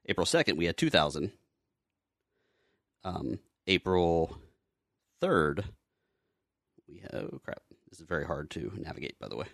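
A man's voice: deep voice, very animated, measured pace, gravelly, pauses often, dry recording, clean studio sound. A man co-hosting a podcast, talking loosely with lots of fillers and cracking jokes. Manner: joking, loose, filler-heavy. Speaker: podcast co-host. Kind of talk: casual podcast chat.

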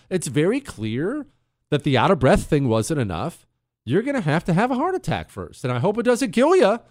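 A man's voice: on the high side, darkish tone, no echo, clean studio sound. A man hosting a talk radio show, delivering a blunt, combative opinion monologue in a sarcastic tone. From United States, Ohio River area.

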